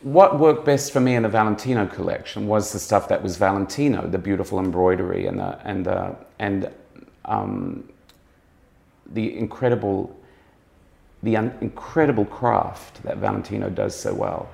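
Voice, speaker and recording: Deep gravelly-voiced male fashion critic. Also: expressive, moderate pace, a little mellow. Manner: musing, circling back to rephrase his points. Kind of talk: conversational interview.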